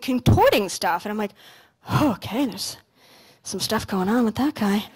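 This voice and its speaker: A young woman from Canada giving a motivational talk on a conference stage, telling stories in a casual, animated way with some swearing. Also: high voice, poor audio. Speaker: conference speaker. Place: lecture stage at an expo.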